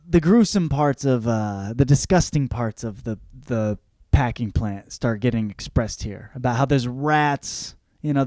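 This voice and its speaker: A young man talks through a classic novel in a loose, profane, conversational way. He slips into quick voices for the characters as he retells the plot. His voice is mid-pitched and close on a dry mic. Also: mellow, clear, resonant tone, dry recording. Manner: casual, profane, acts out characters' lines. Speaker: podcast host. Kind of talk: casual book review.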